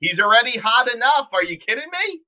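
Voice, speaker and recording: A man co-hosting a podcast in casual chat, reacting with quick jokes and banter. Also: extremely high pitch, animated, pushed and bright. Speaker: podcast co-host.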